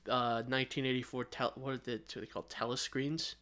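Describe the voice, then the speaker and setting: A man co-hosting a podcast in casual chat, retelling a story with many ums and uhs and quick acted-out lines. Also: medium pitch, flat delivery, sharp tone, a little hiss or hum. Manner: rambling retelling with filler ums, acts out lines. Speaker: podcast co-host.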